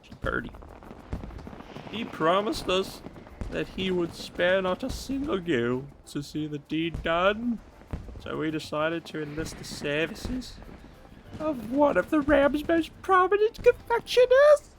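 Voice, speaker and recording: A man voicing a fussy festival helper in a higher, theatrical put-on voice, drifting into a loose accent and tacking on "mate". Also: expressive, takes it slowly, pauses often, a bit bright, a little hiss or hum, exaggerated voice. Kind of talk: reading game dialogue aloud in character. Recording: faint game music behind.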